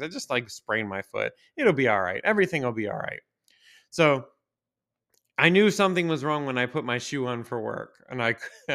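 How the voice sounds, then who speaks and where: A man's voice: medium pitch, a bit bright, clear, resonant tone. A man hosting a podcast, telling a rambling, profane, self-mocking story with frequent laughs. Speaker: podcast host. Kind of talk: casual storytelling monologue.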